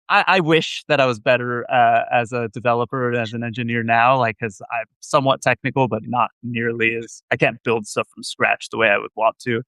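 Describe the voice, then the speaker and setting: A man's voice: mid-range voice, steady tone, fairly quick, hardly any pauses, pushed and bright, dry recording, studio quality. A man, a guest on a video call interview, telling rambling, self-deprecating stories from his computer with many restarts. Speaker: guest, venture investor. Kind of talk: casual interview storytelling.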